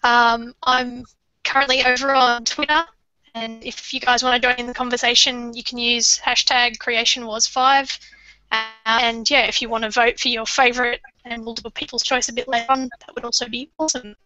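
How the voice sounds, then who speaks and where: A woman speaks casually and in a friendly way, with a high, bright voice. The audio is dry and close. It is slightly muffled, as on a video call. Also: level tone, moderate pace, no room sound, faint music behind. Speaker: social media helper. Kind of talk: casual announcement.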